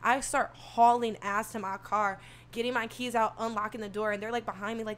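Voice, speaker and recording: A soft-spoken young woman telling a story in casual talk, animated and profane, acting out what people said. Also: on the high side, brisk. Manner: animated, swearing, acts out quotes.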